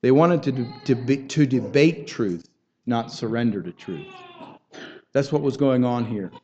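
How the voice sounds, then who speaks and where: A man's voice: mid-range voice, animated, measured pace, a little mellow, dull audio, a little hiss or hum. A man preaching a sermon, earnest and building in intensity, often repeating words and restarting phrases as he goes.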